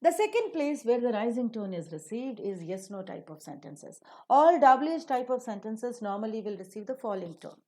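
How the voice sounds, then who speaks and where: A woman teaching English phonetics in a recorded lecture, talking slowly and deliberately and acting out example sentences with exaggerated rises and falls. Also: a little high, big pitch swings, darkish tone. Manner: slow, deliberate, spells out each example.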